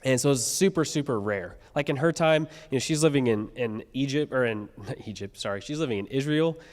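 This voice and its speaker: A male pastor telling a story in a casual, animated sermon in a church. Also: medium pitch, brisk. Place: church sanctuary. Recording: long church reverb.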